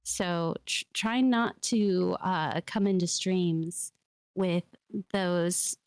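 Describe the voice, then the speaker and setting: A woman co-hosting a streamer podcast, giving earnest, measured advice in casual chat. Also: lowish voice, smooth, dry recording. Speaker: VTuber podcast host.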